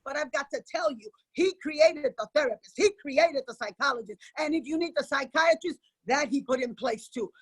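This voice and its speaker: A woman's voice: sits high, moderate pace, hardly any pauses, rough recording. A woman guest on a video-call panel, speaking in an emphatic preaching cadence. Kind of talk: impassioned faith testimony.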